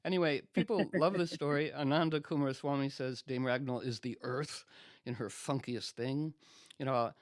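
A man recounts an old legend in animated, casual chat, tripping over restarts as he goes. His voice sits in a middle pitch. The recording is dry and close. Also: normal speed, no echo. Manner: animated storytelling full of restarts.

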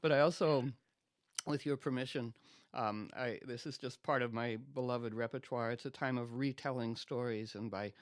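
A man recounts an old legend in animated, casual chat, tripping over restarts as he goes. His voice sits in a middle pitch. The recording is dry and close. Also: moderate pace, no echo. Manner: animated storytelling full of restarts.

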